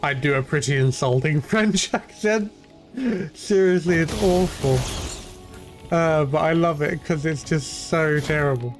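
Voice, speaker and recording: A man's voice: fairly high pitch, measured pace, over music. A young man rambling and swearing casually through live gameplay commentary as a streamer. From half Irish, half English. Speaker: game streamer.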